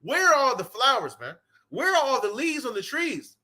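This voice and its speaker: A man's voice: very high voice, big pitch swings, normal speed, pushed and bright. A man preaching outdoors with fervor, reading scripture aloud and repeating "man" and "right" between lines. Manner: fervent, repetitive, peppered with "man" and "right". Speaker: street preacher. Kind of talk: impassioned sermon with scripture reading. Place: outdoors in cold weather.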